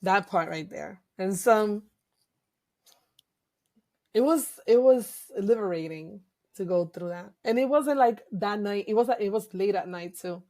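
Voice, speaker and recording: A woman's voice: mid-range voice, measured pace, mellow. Reflective woman. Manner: reflective, emotional, hesitant with fillers. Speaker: guest. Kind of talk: candid personal interview.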